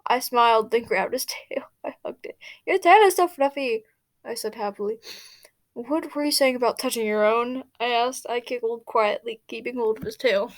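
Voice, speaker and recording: A woman's voice: on the high side, fairly even intonation, moderate pace. A woman reading fan fiction aloud, stumbling over words and stopping for her own asides. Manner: stumbling, restarting, laughing asides. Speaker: fanfic reader.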